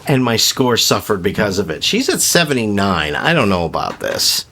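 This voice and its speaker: A man with a bright, forceful voice rambles through casual gameplay commentary, full of opinionated, joking rants. A faint hiss of noise sits under his voice. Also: fairly low pitch, huge pitch swings, normal speed. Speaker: gaming video host.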